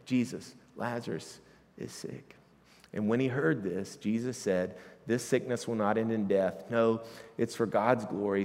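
Low-voiced male pastor preaching in a hall. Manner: conversational Bible teaching, building to loud emphatic preaching. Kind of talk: sermon. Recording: long hall reverb.

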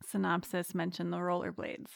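A woman co-hosting a podcast, chatting casually about a film, laughing often and talking in an animated way. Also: on the low side, moderate pace, creaky, no room sound, studio quality. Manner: giggly, animated. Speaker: podcast co-host.

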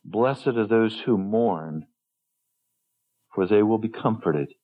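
Male preacher, earnest sermon, slow unhurried delivery, emotional, muffled lo-fi recording. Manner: earnest, emotional, dips low and soft.

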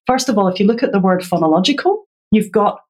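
A woman's voice: mid-range voice, expressive, fast talker, a little mellow. A woman guest in an interview, patiently explaining in a teacherly way and laughing now and then. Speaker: literacy educator guest.

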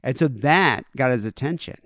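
A man's voice: mid-range voice, normal speed, dry recording, studio quality. Man animatedly retelling a conversation. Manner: animated retelling, acts out both sides of a conversation. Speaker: podcast co-host. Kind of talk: casual storytelling chat.

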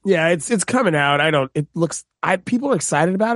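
Animated joking male podcast co-host. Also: on the high side, brisk, no room sound, studio quality. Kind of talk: casual chat.

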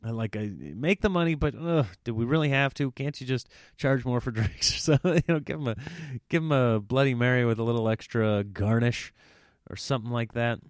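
A man's voice: mid-range voice, brisk, no echo, studio quality. A man hosting a casual solo podcast, telling comic stories and breaking into exaggerated voices for quoted people. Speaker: comedian podcast host.

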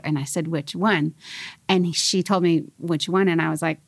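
Animated woman telling her story, gravelly edge. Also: lowish voice, unhurried, no room sound. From California. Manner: animated, laughing, acts out quoted voices. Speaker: podcast guest. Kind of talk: casual storytelling interview.

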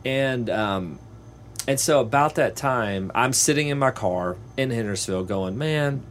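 A man's voice: a little slow, slight background noise. A man hosting a podcast, telling a casual story and acting out the other people in it with a raised voice. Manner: animated, acts out quoted voices in a higher pitch. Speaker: podcast host and real estate agent.

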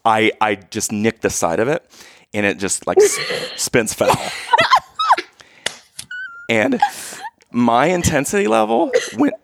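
A man telling a story in casual chat, animated, and often checking in with "okay?" and "right?". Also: medium pitch, slow, gravelly, pauses often. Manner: acts out quoted lines in raised voice.

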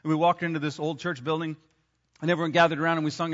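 A man's voice: a little high, flat delivery, very fast, long reverb tail, muffled recording. A man preaching a sermon as a pastor, talking in a conversational way with asides to the congregation.

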